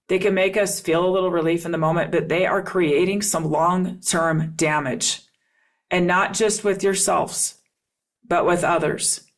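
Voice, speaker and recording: A middle-aged woman hosting a solo podcast as a relationship coach, talking earnestly and repeating key phrases for emphasis. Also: fairly low pitch.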